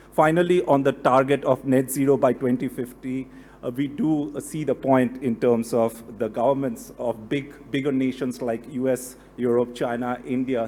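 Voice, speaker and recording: A man gives a formal closing speech after a lecture, halting often on fillers. His voice is mellow and dark. A faint hum runs under it. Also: mid-range voice. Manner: hesitant, many fillers. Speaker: deputy director giving closing remarks. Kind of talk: formal thank-you speech. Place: lecture hall.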